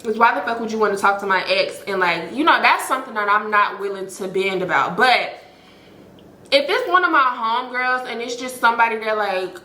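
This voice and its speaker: A woman hosting a storytime, telling a story in an animated, profane way and acting out what people said. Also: on the high side, fairly quick, reverberant. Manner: animated, profane, acts out quoted lines. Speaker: storytime host. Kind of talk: casual storytelling.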